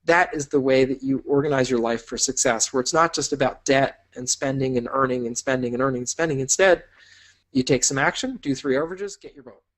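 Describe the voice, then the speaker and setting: A man's voice: mid-range voice, fairly quick, fairly bright tone. A man teaching a business course in an upbeat, encouraging way, painting vivid imagined scenes for the listener. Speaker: business instructor. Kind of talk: motivational teaching talk.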